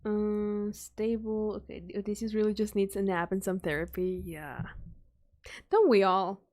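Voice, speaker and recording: A young woman streaming a casual reaction chat, rambling with many fillers and soft sighs. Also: mid-range voice, little pitch movement, moderate pace.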